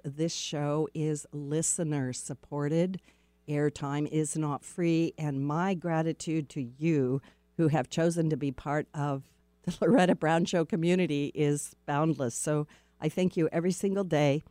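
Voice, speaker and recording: A woman's voice: deep voice, a little mellow, no echo. A woman hosting a listener-supported radio talk show, giving chatty, upbeat announcements in a spiritual tone and speaking directly to her audience.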